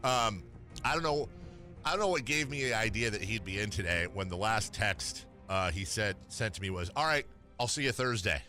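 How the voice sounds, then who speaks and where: On a studio microphone with faint music behind, a sports radio host speaks in a low, expressive, bright and forceful voice. He jokes around, mocks himself and laughs quickly while bantering with his co-host.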